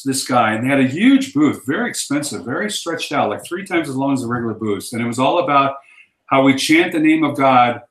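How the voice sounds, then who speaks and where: A man's voice: medium pitch, fairly bright tone, roomy sound. A man in a casual chat who tells his stories with conviction and acts out the quotes. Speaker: ministry guest.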